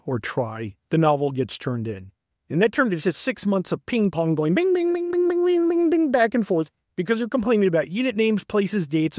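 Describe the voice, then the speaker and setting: Animated male storyteller, dry close sound. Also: a little high, no room sound. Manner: animated, acts out the people he quotes. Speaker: podcast guest, novelist. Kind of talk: anecdotal storytelling.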